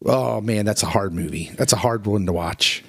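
A man's voice: fairly low pitch, moderate pace, creaky, slightly rough, dry recording, clean studio sound. A man co-hosting a podcast, earnestly retelling a story in casual chat with plenty of feeling. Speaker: podcast co-host.

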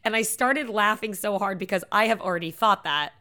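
A young woman co-hosting a casual film chat, animated and laughing often as she acts out favorite lines in big loud voices. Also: medium pitch, brisk. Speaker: podcast co-host.

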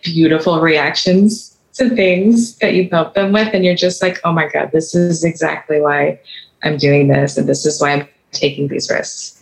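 A woman's voice: low-pitched, rough recording. A woman attorney who is a guest on a podcast, chatting frankly and casually with lots of fillers. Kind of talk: casual interview chat.

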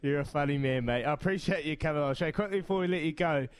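Man, New Zealand accent, sports radio host, jokey banter, laughs a lot, slightly high voice. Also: racing, smooth. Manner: jokey, laughs often, says mate a lot. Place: radio studio.

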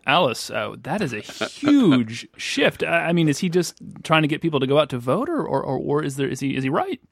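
A man hosting a political panel, steering the talk and passing questions around in a brisk manner. His voice sounds dry and close. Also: fairly high pitch, big pitch swings, creaky, no room sound. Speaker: host.

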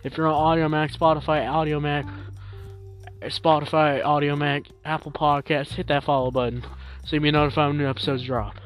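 A man hosting a solo music review podcast, talking casually and rambling with lots of fillers and repeats, getting loud and animated at times. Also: fairly high pitch, a little fast. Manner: animated, jumps up loud when promoting.

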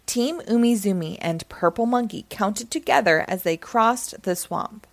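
A woman storyteller reading a children's book aloud in a gentle, expressive way on a close microphone. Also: mid-range voice, measured pace, no room sound.

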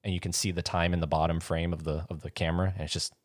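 A man's voice: low-pitched, level tone, fast talker, no echo, studio quality. A man in casual chat, rambling as he retells a scene and acts out voices. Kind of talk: casual chat about horror movies.

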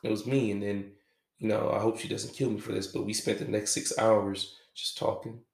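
Male podcast host, deep and very gravelly, halting and reflective, echoey room. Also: little pitch movement. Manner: halting, reflective, casual with swearing. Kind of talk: confessional podcast monologue.

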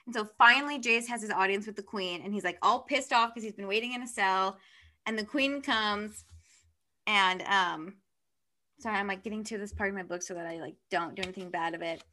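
A woman's voice: mid-range voice, fairly quick, bright, forceful tone. A young woman casually recapping a book's plot in a chatty, filler-heavy way.

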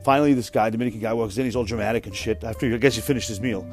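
A man in his thirties rants through a work story on his podcast, cursing freely and sounding fed up. He talks at a rapid clip. Faint guitar music plays softly under his voice. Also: fairly low pitch, steady tone. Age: 30s. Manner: profane, exasperated, mimics other people's voices. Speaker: podcast host. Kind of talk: casual storytelling rant.

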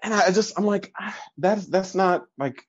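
A man talking as a podcast guest, telling stories in an animated way and acting out what people said. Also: sits high, normal speed, slightly rough, no echo, dull audio. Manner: animated storytelling with laughs and quoted voices. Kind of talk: casual conversation.

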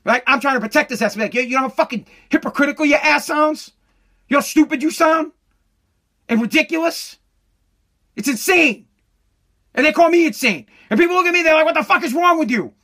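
A woman delivering a heated, profane political rant in sarcastic commentary, swinging from shouts to slow, low emphasis.

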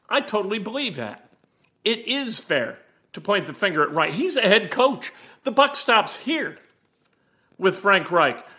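A man hosting a sports talk show, giving emphatic, animated opinions on a football game. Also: high voice. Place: home.

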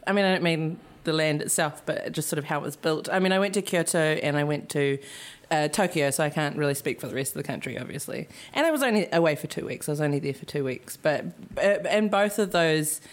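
A woman's voice: low voice, fast, hardly any pauses. A woman chatting casually on a podcast, thoughtful and wry, with a dry sense of humor. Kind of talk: casual chat.

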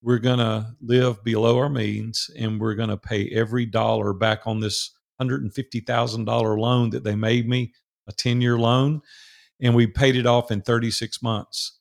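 A man in his sixties with a strong Southern drawl and a gravelly edge to his voice. He tells stories in a folksy, animated way, as a guest on a podcast. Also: mid-range voice, normal speed. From Southern United States. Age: 60s. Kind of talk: storytelling interview.

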